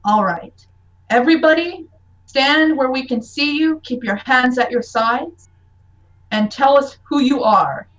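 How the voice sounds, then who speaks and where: A woman's voice: high-pitched, unhurried, fairly bright tone, far from the mic, low-quality recording. A woman voicing a stern, guarded leader who gives firm commands.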